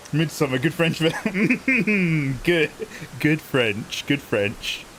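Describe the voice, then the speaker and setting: Male streamer, slightly high voice, cheeky and jokey, laughs easily while chatting to chat. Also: vocal fry, fairly bright tone, slight background noise, low-quality recording. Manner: playful, jokey, laughing often, hamming up mangled French. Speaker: game livestreamer. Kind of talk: casual live-stream chat to viewers.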